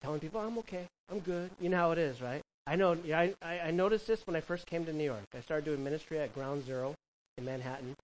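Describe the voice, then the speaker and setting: A man's voice: on the high side, fast, a little hiss or hum, poor audio. Casual preaching man from California. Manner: conversational, asks the room questions, animated with quoted voices. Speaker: pastor. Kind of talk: sermon.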